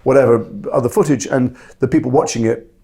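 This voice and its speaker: A man's voice: medium pitch, fairly even intonation, a little fast, mellow. A middle-aged man, a guest actor talking reflectively and self-deprecatingly, often restarting his sentences. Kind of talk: reflective interview talk.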